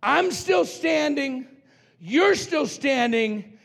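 An older man from New Mexico preaching a revival sermon as pastor, with fervent repeated declarations that often rise to shouts. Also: very high-pitched, expressive, drawn-out words, vocal fry. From New Mexico, USA.

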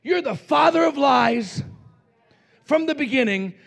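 A preacher shouting as a baffled, mocked devil. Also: male voice, expressive, a little slow, vocal fry, exaggerated voice. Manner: shouted, high and drawn out. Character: mocking devil caught in his own lies.

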